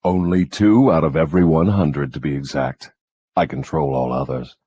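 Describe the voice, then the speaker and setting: A man's voice: very deep voice, fairly even intonation, moderate pace, warm tone, husky, no room sound. A man voicing a scornful, cunning devil who gloats and lectures in a mocking audiobook dramatization.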